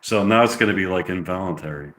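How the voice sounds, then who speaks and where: A man's voice: low voice, fast, a bit bright. A man reading through a script he wrote, rambling and interrupting himself, with many fillers. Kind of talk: amateur script read-through.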